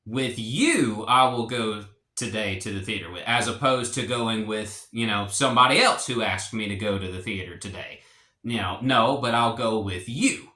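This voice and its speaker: A man explaining a language lesson in a relaxed, rambling way, with fillers and restarts. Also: lowish voice, normal speed, roomy sound. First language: English. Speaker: language teacher.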